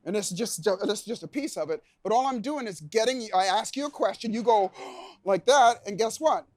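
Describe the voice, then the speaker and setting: A man giving a motivational seminar talk to a live audience, telling stories with acted-out shouts and gasps and coaxing the crowd to join in. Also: high-pitched, brisk, dry recording. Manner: animated storyteller, acts out shouts and gasps, coaxes audience. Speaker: keynote speaker. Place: event lounge before a live audience.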